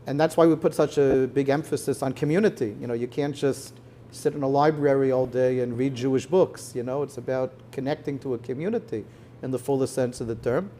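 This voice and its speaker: A male rabbi answering questions before a live audience, his tone mellow and dark. He explains at an even, measured pace with a lot of "you know". Faint room ambience hums underneath. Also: medium pitch, slight background noise. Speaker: rabbi, head of a conversion court, guest. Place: synagogue hall with an audience.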